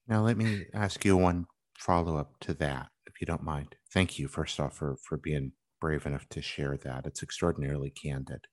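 Man with an extremely deep voice. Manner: earnest, measured, supportive questioning. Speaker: interviewer. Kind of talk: interview conversation.

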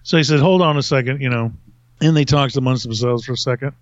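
Speaking quickly at a medium pitch, a man hosting a podcast rambles through a long casual story and chuckles frequently. There's no room sound, and the audio is dull and lo-fi.

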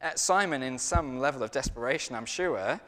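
A man preaching a sermon in a lively, conversational storytelling way. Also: mid-range voice, normal speed, in a large hall.

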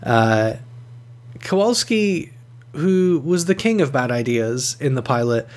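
Guy reviewing an episode casually, lots of uhs, gets excited. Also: medium pitch, slow. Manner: conversational, with frequent fillers and enthusiastic rises. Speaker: podcast host reviewing episodes.

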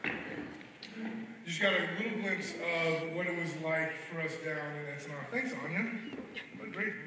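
A man's voice: on the high side, unhurried, pushed and bright. A man leading a youth mission team, speaking in an upbeat, encouraging way to a church congregation. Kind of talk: church announcement. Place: church sanctuary. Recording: echoey hall from far off, faint noise.

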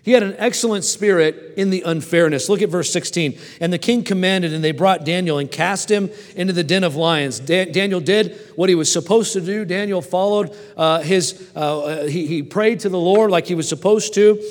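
A man in his forties preaches a sermon in a folksy style, telling personal stories, often stammering and starting over, and posing questions to the audience. He has a high voice, speaks at a normal speed with few pauses, and long hall reverb surrounds him.

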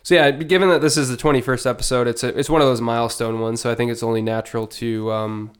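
A man co-hosting a casual podcast, sounding nasal from allergies, talking in a relaxed way with many fillers. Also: mid-range voice, fast talker, smooth. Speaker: podcast co-host. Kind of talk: casual chat.

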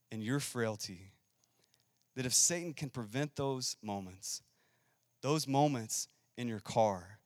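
A man preaching a sermon, emphatic, swinging between loud and hushed. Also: mid-range voice, no room sound, clean studio sound, long reverb tail. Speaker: pastor.

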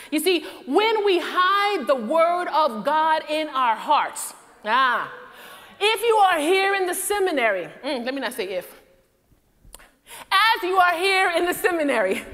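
A woman's voice: sits high, fairly bright tone. A woman in her thirties, a chaplain and preacher, giving an emphatic testimony sermon and repeating her key points. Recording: long reverb of a large hall.

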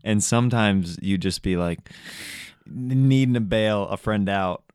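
A man's voice: fairly low pitch, unhurried, a little mellow, clean tone, dry recording, studio quality. A man co-hosting a casual comedy chat, often laughing and restarting his sentences.

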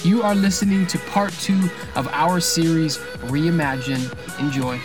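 A man who is a pastor giving a friendly, brief podcast welcome in a fairly high voice. Clear guitar music plays under his words. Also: steady tone, a little slow. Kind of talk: podcast intro.

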